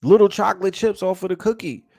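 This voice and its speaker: A man's voice: sits high, quick pace, gravelly, a little mellow, no echo, studio quality. A man ranting casually, emphatic and profane, often restarting words when fired up. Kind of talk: casual rant.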